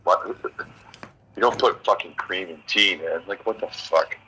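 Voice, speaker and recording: A man's voice: sits low, measured pace, sharp tone, slight background noise, poor audio. A man from Canada chatting casually while gaming, rambling through stories and swearing freely. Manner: swears a lot, rambling storytelling. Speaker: mobile game player.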